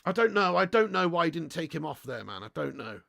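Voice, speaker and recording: A young British man streaming a live football watch-along, talking in a high, very lively voice that swings up and down. There is a gravelly edge and a bright, tense bite to his tone. He is sweary, excitable and chatty with his viewers, and the recording sounds close and dry. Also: brisk, no room sound.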